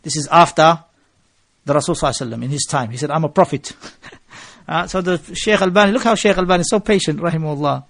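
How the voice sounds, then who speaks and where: A man's voice: fairly high pitch, very fast, creaky, dry recording, clean studio sound. A male preacher, lecturing a gathering and telling stories, with phrases mixed into his English. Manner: mixes Arabic phrases into English, animated storytelling. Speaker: Islamic preacher.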